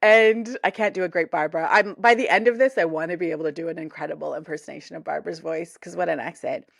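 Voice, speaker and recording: A woman with a fairly low voice and noticeable vocal fry talks quickly as a podcast co-host. It's a laid-back chat where she animatedly tells stories and laughs a lot, recorded at studio quality without echo.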